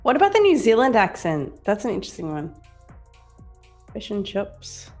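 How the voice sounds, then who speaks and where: A woman's voice: a little high, huge pitch swings, quick pace, a little mellow. A woman co-hosting a live trading stream who chats casually and reads out viewer messages. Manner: chatty, reads out chat messages. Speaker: trading show co-host. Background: faint music.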